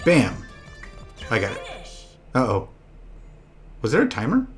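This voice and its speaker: A young man streaming a party video game with friends, chatting casually and breaking into loud, profane outbursts at the game. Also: mid-range voice, wildly swooping pitch, measured pace, long pauses, faint music behind. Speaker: VTuber streamer.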